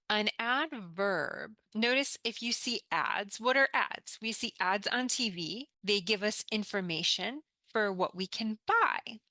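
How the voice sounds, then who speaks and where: A woman English teacher gives a pronunciation lesson in an unhurried, deliberate way, repeating each word so learners can follow. Her voice is bright and clear. The sound is dry and close, with no room echo. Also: mid-range voice.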